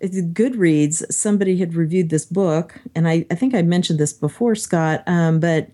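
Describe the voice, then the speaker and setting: Chatty woman with a dark, mellow voice. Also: fairly low pitch, moderate pace. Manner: chatty, animated when quoting others. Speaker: podcast co-host. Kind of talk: casual discussion.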